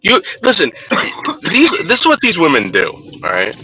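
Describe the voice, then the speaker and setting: A man's voice: high voice, huge pitch swings, normal speed, sharp tone, a little hiss or hum, rough recording. A man ranting angrily and cursing in a casual livestream chat, repeating names and stammering when worked up. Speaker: livestream co-host.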